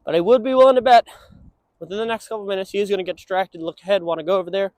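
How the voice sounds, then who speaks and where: A young man training a dog, explaining casually and breaking into high sing-song praise for it. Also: fairly even intonation, racing, a little mellow, slight background noise. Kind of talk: instructional walk-and-talk.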